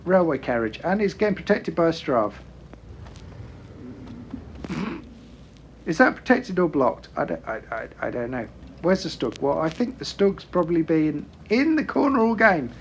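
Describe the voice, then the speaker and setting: Sarcastic man with a gravelly voice. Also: a little high, slight background noise. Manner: sarcastic, swearing, mock-quoting his teammate in exaggerated voices. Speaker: gaming YouTuber. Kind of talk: sarcastic gameplay commentary.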